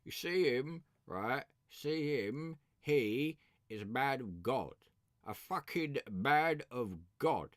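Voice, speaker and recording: A man putting on an impression of a menacing London gangster, talking tight-mouthed and sweary, a little higher and louder than his own voice. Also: expressive, slow, no room sound, studio quality. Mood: rowdy. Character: rough gruff London gangster, adult male, menacing.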